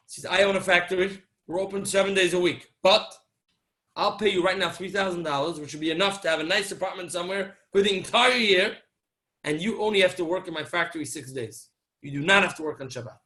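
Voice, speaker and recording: A man delivers a sermon as a story, playing out each character's lines and swinging from loud to hushed. His voice sits high for a man, with a bright, forceful edge. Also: quick pace. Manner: animated storyteller acting out dialogue, swings between loud and soft. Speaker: rabbi giving a Torah talk.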